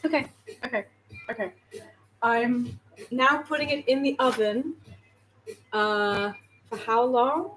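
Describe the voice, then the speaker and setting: A woman's voice: on the high side, slow, long pauses, a bit bright, a little hiss or hum, low-quality recording. A woman chatting to viewers while baking, flustered, nervous and self-mocking. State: nervous and overheated. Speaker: vlogger baking on stream. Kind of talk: casual chat while cooking.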